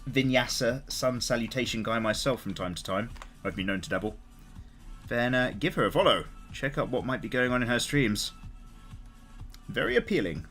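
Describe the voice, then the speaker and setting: A man's voice: mid-range voice, a bit bright. A man chatting casually on a live stream while he draws, greeting viewers and swearing freely.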